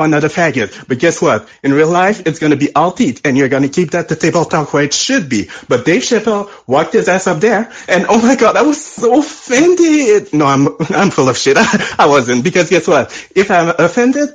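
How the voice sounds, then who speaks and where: A husky man with a French accent calls in from France, and his voice swings widely in pitch. He argues his point in a playful, blunt manner and laughs often. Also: a bit bright. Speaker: caller. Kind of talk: call-in opinion.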